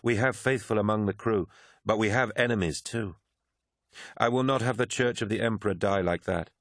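A man reading an audiobook, voicing a woman prophet who speaks calmly and with certainty, solemn and resolute. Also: lowish voice, normal speed, no echo, studio quality, voice pushed up, close to an everyday voice. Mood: resolute, fervent.

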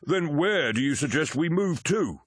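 A man voicing a fierce, brutal male warrior captain who barks his words loudly and scornfully. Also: on the high side, lively intonation, unhurried, husky, no room sound, studio quality, pitched above the performer's own voice. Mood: threatening. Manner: loud, barking, scornful.

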